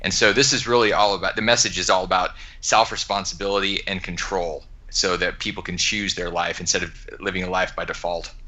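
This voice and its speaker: A man's voice: sits low, fairly even intonation, a little fast, hardly any pauses, sharp tone. A man from Alaska, a guest on a podcast, talking energetically and emphatically with some restarts. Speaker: guest, entrepreneur. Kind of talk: casual podcast interview.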